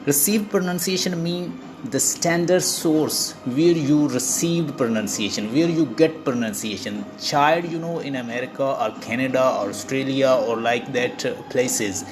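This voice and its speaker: A man teaching an online lesson, restating each point in several ways and often pausing on "uh" and "you know". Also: medium pitch, noisy background. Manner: explains by repeating points, with many fillers like uh and you know. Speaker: English teacher. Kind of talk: online lecture.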